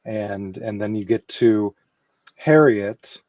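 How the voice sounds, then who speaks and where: A man on a casual review podcast panel, speaking in a measured, thoughtful way. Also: lowish voice. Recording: dull lo-fi mic.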